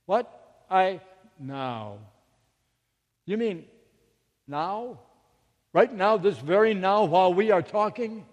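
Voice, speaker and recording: A man's voice: a little high, measured pace, pauses often, lightly acted. Frantic mother at the end of her rope, urgent and pleading, heard in a reverberant hall, as a man acts her out. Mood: startled. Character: desperate single mother praying in panic.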